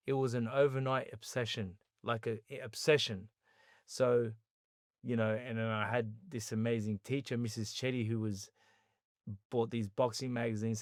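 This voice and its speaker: An Australian man tells his story as a podcast guest, animated and lively, slipping into the voices of the people he quotes. His voice sits at an ordinary middle pitch for a man. The recording is close and dry, with no room sound. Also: creaky, no echo. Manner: animated storyteller who acts out quoted dialogue. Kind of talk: storytelling interview.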